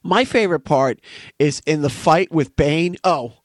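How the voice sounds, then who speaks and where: A man's voice: on the high side, measured pace, dry recording, clean studio sound. A man co-hosting a podcast in casual chat, rambling, repeating words and laughing often. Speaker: podcast co-host.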